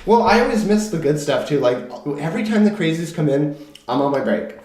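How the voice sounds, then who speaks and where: A young man hosting a casual podcast chat, relaxed and full of fillers, acting out customers as he tells stories. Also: on the high side, a little fast, slight background noise. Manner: laid-back, lots of fillers, acts out customers. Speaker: podcast host. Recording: echoey room.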